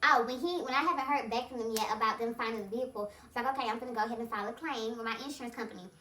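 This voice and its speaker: Bright-voiced woman in an echoey room. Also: on the high side, racing. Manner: animated, talks straight to viewers as "y'all"; acts out the voices of people in her story. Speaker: vlogger telling a personal story. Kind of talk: casual storytime monologue. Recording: roomy sound from a distance, faint music behind.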